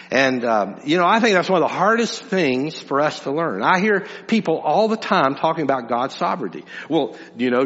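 A man delivers a sermon with a lively, rising and falling voice that lifts high for emphasis and drops to soft asides. His tone sits a little high for a man. The sound carries a long hall reverb and a slightly dull, muffled quality. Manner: animated preaching, swings between loud emphasis and soft low asides. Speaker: pastor.

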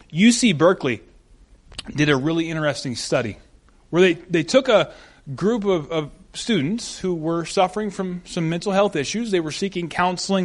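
A young male pastor preaching with enthusiasm, telling stories to make his point. His voice sits high for a man, and he talks in a friendly, upbeat way. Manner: enthusiastic, storytelling. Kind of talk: sermon.

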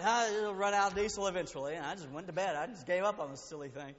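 A high-pitched male pastor preaches in a church sanctuary, shifting between booming emphasis and hushed, intimate passages. He speaks fairly quickly with few pauses, and the sound is dull and muffled under a long, echoing sanctuary reverb.

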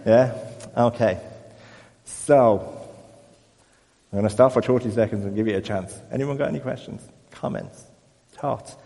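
A man leading an informal Bible talk for a small group, chatty and self-deprecating, growing more animated as he goes. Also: mid-range voice, measured pace, gravelly, pauses often, long reverb tail. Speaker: church group leader.

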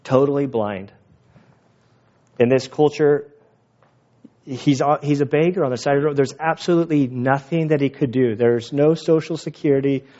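A man preaching as a pastor, conversational and animated, with quick asides. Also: medium pitch. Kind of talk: sermon. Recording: dull lo-fi recording.

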